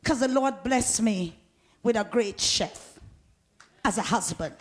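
A woman preaching a sermon with fervor, calling out to the congregation and rising to shouts. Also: on the high side, animated, takes it slowly. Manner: fervent, rising to shouts, laughs often; call-and-response with the congregation.

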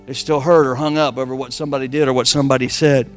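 A man's voice: mid-range voice, little pitch movement, quick pace, faint music behind. A man preaching a sermon, calling on the congregation to answer back. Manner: preaching with call-and-response. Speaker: pastor.

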